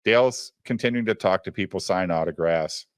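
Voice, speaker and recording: Low-voiced man swearing through a story. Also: normal speed, clear, resonant tone, no room sound, clean studio sound. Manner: profane, animated, addresses the listener directly. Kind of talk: casual storytelling.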